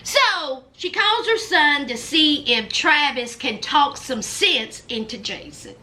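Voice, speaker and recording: A woman's voice: sits high, lively intonation, slow pace, pushed and bright. A woman animatedly recapping reality show drama in a casual, storytelling way.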